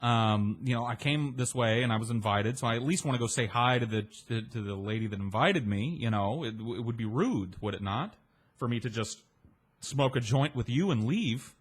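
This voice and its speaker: A man's voice: mid-range voice, expressive, moderate pace. A man telling a long, rambling personal story in casual speech, with restarts and swearing, slipping into other people's voices. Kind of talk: casual spoken anecdote.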